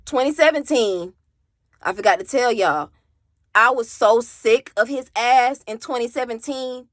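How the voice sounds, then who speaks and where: A woman's voice: on the high side, unhurried, no echo. A woman from Alabama, telling her own story on camera in a raw, candid way, cursing and talking straight to her viewers. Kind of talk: emotional personal storytime.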